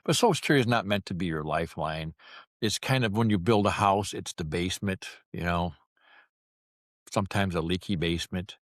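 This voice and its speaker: A man's voice: sits low, fairly quick, no echo, clean studio sound. A man in his sixties telling stories to camera with wry, folksy, self-mocking humor. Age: 60s. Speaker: vlogger. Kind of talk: casual storytelling to camera.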